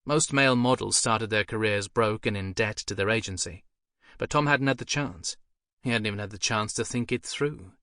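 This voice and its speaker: A man narrating an audiobook in a measured, somber way, recorded close in a studio. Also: lowish voice, sharp tone, no echo. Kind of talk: scripted narration.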